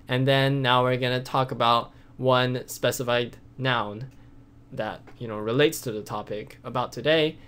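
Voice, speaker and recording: A man's voice: mid-range voice, a bit bright, smooth. A man teaching a casual video lesson, explaining patiently with many fillers, restarts and repetitions. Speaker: language teacher.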